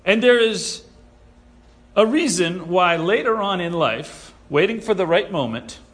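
A man preaching a sermon, animated and sarcastic, who acts out the people he quotes. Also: high-pitched, a little slow. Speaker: pastor.

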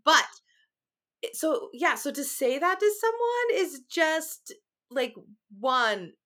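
This is a woman in her forties with a high, bright voice, chatting casually on a podcast. She talks in animated, frank rants and swears freely. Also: takes it slowly. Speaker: podcast guest. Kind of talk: casual conversational chat.

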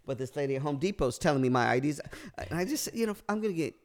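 A man from California, a podcast guest telling comic stories in casual chat, animated, with frequent restarts and acted-out voices. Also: on the high side, quick pace.

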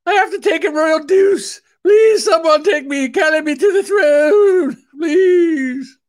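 A man's voice: very high voice, slow pace, pitched above the performer's own voice. Male podcaster doing a mock elderly queen: reedy, plaintive, over-the-top helpless. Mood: pleading. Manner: pleading, helpless, melodramatic. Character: frail, whiny elderly queen, woman in her nineties.

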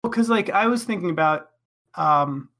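Casual podcast host, mid-pitch, chatty and self-mocking. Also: expressive, moderate pace, a bit bright. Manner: chatty, laughs often, many fillers. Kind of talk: casual group chat.

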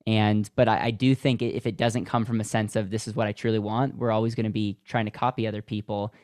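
American male podcast host, upbeat and motivational, smooth resonant voice, dry sound. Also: on the low side, fairly even intonation, fast, darkish tone, no room sound. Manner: enthusiastic, motivational, restarts often. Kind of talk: podcast interview.

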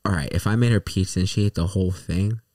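Low-voiced young man chatting loosely. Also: fast talker, darkish tone, no room sound, studio quality, far from the mic. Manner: rambling, laughing, restarts a lot. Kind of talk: casual chat.

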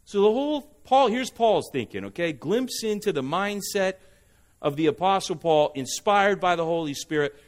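Man, pastor, sermon, animated, calls for amens, fairly high pitch. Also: moderate pace. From Southern California. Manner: animated, asks the congregation for responses.

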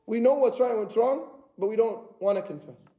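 Male preacher, high and mellow voice, earnest repetitive sermon delivery, echoey church. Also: brisk.

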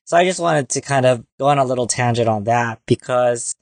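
Man, young adult, casual rambling podcast chat, medium pitch, dry close sound. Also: a little fast, dry recording. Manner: chatty and rambling, with frequent fillers. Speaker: podcast co-host.

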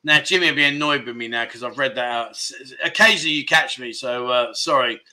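A man's voice: medium pitch, fast, sharp tone. A man, hosting a casual livestream chat show and rambling as he reads out viewer comments. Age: 50s. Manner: chatty and rambling, with lots of fillers and self-corrections. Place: livestream set in Pattaya.

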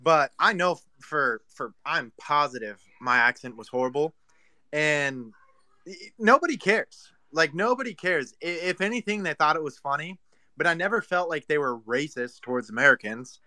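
A man's voice: fairly high pitch, expressive, moderate pace, sharp tone, no echo. A man hosting a casual online voice chat, cutting in to tease and then talking at length.

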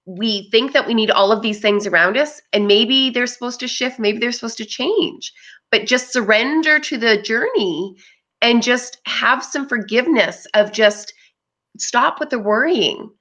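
A woman's voice: on the high side, measured pace, fairly bright tone. A woman being interviewed, talking in an earnest, reflective way. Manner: reflective, earnest, with frequent "you know". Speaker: interview guest. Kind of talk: casual interview conversation.

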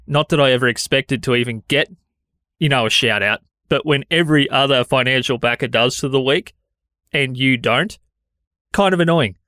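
A man with an Australian accent delivers a solo podcast monologue in a frank, conversational way, with a touch of exasperation. His voice sits at an ordinary middle pitch. It is captured close on a studio dynamic mic in a completely dry room. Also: fairly even intonation, normal speed, bright, forceful tone, dry recording. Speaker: podcast host. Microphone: studio dynamic microphone.

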